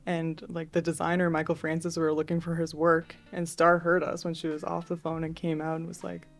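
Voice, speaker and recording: A young woman, an artist appearing as a guest, tells stories in a casual interview with a low, flat, gravelly voice. She talks a little fast over faint music, chatty and relaxed, and says "like" a lot.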